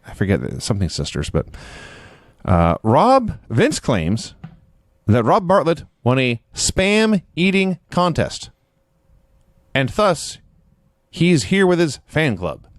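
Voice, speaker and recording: A man chats on a podcast in a wry, sarcastic way. His voice is mid-pitched with a lively rise and fall. It is recorded close and dry. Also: slow pace, pauses often, no echo. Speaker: podcast co-host. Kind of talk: casual chat recapping wrestling.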